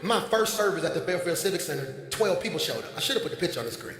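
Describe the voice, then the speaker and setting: A man's voice: sits high, sing-song, quick pace, hardly any pauses, fairly bright tone. A middle-aged male pastor preaching a conversational sermon from a stage in a large hall, talking back and forth with the congregation. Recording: echoey hall.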